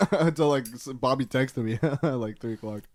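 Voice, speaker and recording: A young man co-hosting a podcast, chatting casually and teasing his friend. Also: medium pitch. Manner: quick, animated, teasing. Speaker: podcast co-host. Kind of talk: casual chat.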